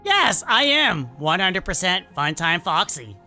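A mischievous animatronic fox from a fan cartoon, teasing and playing at being creepy, as a woman voices him. The delivery swoops up and down in a lively sing-song, and the tone stays bright and sharp. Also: on the low side, unhurried, faint music behind, full character voice. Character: mischievous male animatronic fox dressed as a cat monster.

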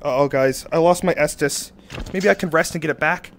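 A man streaming a game live, yelling reactions and making mock-heroic boasts at a desk mic. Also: a little high, brisk, a little hiss or hum.

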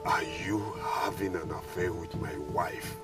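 Deep-voiced suspicious Nigerian husband. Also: male voice, steady tone, unhurried. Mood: accusing. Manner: accusing, blunt. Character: suspicious husband confronting his friend. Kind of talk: Nollywood film acting. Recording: film soundtrack music behind.

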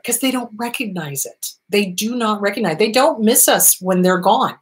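A woman's voice: medium pitch, measured pace. A woman therapist hosting a talk show, answering viewer questions in an earnest, reassuring way and repeating her key points.

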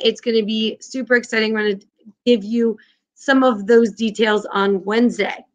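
A woman's voice: a little high, a bit bright. A woman teacher leading an online class, upbeat and encouraging with her students.

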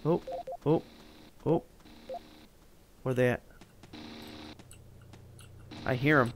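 A man's voice: mid-range voice, drawn-out words, a little hiss or hum. A man giving let's play commentary, swearing and yelping in frustration as he plays. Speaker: gameplay commentator.

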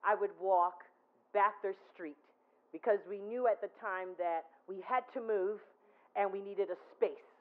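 At a memorial, a woman gives a chatty tribute full of anecdotes, checking in with her listeners as she tells stories. Her medium-pitched voice is fairly even and measured, heard on a tinny, phone-like recording.

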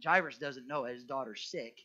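A man preaching a sermon as pastor, telling the story in a lively, conversational and jokey way, often restarting his sentences. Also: medium pitch, normal speed, lo-fi sound. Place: church.

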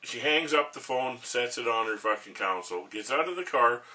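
A man's voice: mid-range voice, lively intonation, moderate pace, bright, forceful tone, far from the mic. A middle-aged man, ranting to camera at home in a crude, rambling way and swearing constantly. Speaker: vlogger. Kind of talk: profane rant to camera.

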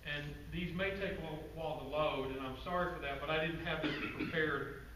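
A man giving a guest-speaker presentation to a club audience, telling stories in a relaxed, conversational way with asides to the crowd. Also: a little high, a little fast. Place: meeting room with an audience. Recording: roomy, distant, faint background noise.

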